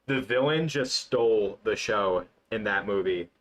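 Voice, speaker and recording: Young male streamer, chatty and excitable, rambles with lots of fillers. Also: on the low side, unhurried. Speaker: livestream host. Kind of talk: casual livestream chat.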